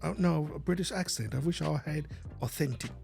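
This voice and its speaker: A man with a fairly high, gravelly voice chatting easily as a podcast co-host. His delivery stays loose and conversational, with faint music underneath. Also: a little fast, a little mellow. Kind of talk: casual chat.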